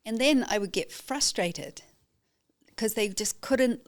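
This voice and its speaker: A woman's voice: on the high side, slow pace. A middle-aged woman, a guest on a podcast interview, telling her story emphatically and acting out what she said to people. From New Zealand. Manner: emphatic, animated storytelling with acted-out quotes. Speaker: guest, photographer and educator.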